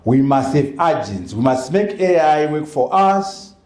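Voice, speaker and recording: A Zimbabwean man giving a loud, emphatic speech as an author at a book launch, driving points home with repeated rhetorical questions. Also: fairly high pitch, sing-song, a little slow. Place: event hall in Harare. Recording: echoey hall.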